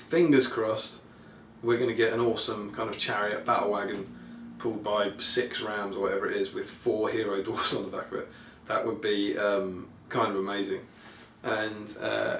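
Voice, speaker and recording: A man's voice: on the low side, level tone, normal speed, fairly bright tone. Rambling man in an echoey room. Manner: rambling and enthusiastic, with many ums. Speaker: podcast host. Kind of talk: casual trailer commentary. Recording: echoey room, faint background noise.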